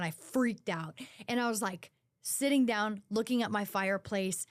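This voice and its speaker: A woman's voice: mid-range voice, normal speed, dry recording, studio quality. A young woman speaking as an interview guest, sharing her testimony in candid, earnest talk full of "like". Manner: earnest, heavy use of "like".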